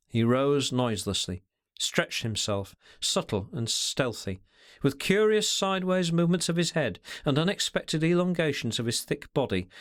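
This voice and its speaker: A man with a medium-pitched voice reads a classic novel as an audiobook, narrating in a measured, expressive way. The sound is clean studio audio with no room sound.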